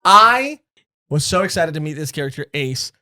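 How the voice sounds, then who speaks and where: A man's voice: fairly high pitch, very animated, moderate pace, sharp tone. A man co-hosting a podcast, talking in casual chat and rambling with restarts. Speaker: podcast co-host.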